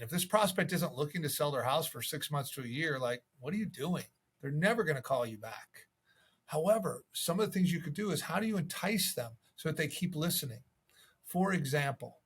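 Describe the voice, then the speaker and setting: A man's voice: on the high side, lively intonation, brisk, a bit bright, husky. A man coaching real estate agents in a casual, conversational way, acting out sample voicemails. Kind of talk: casual video tips to camera.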